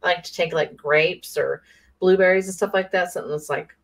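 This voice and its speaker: Low-voiced woman, playful chatter. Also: steady tone, a little fast. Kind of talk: casual chat.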